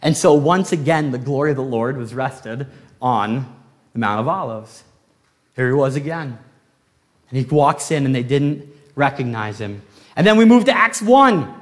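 A man preaching a sermon as pastor, telling the story with animated swings from loud to hushed. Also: medium pitch, moderate pace, big-room sound. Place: church sanctuary.

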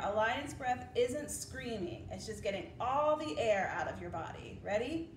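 A young woman leading circle time for preschoolers as their teacher, talking slowly in a sing-song, coaxing way. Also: on the high side, echoey room, slight background noise. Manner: slow, sing-song, coaxing children to repeat.

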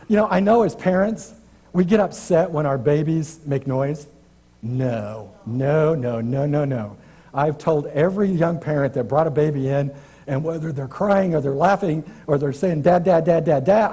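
A man's voice: a little high, measured pace, warm tone, husky. A man preaching an informal, chatty church sermon as a guest preacher, self-deprecating and often restarting his sentences. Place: church sanctuary.

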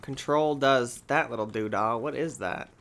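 A man hosting a gaming video, talking through his play in an excitable, exclamatory, rambling way. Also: mid-range voice, normal speed. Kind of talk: let's play commentary.

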